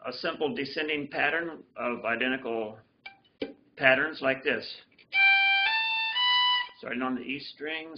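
A man teaching a fiddle lesson over a livestream, explaining loosely with many restarts and fillers. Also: a little high. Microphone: computer mic on a video call. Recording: dull lo-fi livestream audio with fiddle. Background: fiddle playing.

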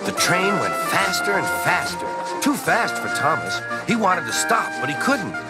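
A man narrating a children's story aloud with lively, animated storytelling. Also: high voice, normal speed, over loud music.

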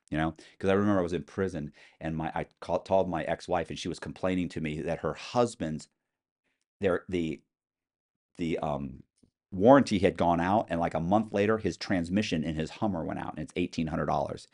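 A middle-aged man, an interview guest, telling stories in a casual, animated way, acting out what people said and swearing now and then. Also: low-pitched, fairly quick. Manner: animated storyteller, acts out quotes, curses casually. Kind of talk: casual storytelling.

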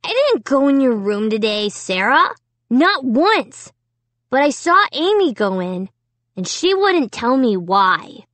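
A woman's voice: high-pitched, sing-song, slow pace, fairly bright tone, no echo, voice pushed up, heavily acted. A woman reading a storybook, voicing a pesky little brother who whines and pleads. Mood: whiny. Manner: whiny, pleading.

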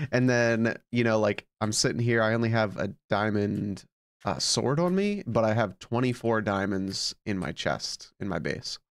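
A man's voice: lowish voice, lively intonation, unhurried, no echo, studio quality. A man commenting casually on his game as a let's play host, sleepy and just woken up, musing aloud with plenty of fillers.

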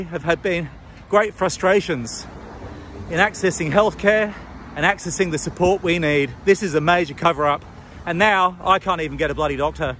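A middle-aged Australian man vlogging to camera outdoors on a city street, indignant and halting with many restarts. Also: high-pitched, fairly bright tone, a little hiss or hum. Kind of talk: impassioned talking-to-camera vlog.

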